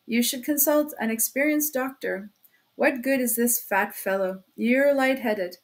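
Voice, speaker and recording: A woman's voice: fairly high pitch, measured pace, voice pushed up. A woman reading aloud as a talkative, sly male criminal investigator who chats in a chummy, insinuating way. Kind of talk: audiobook reading.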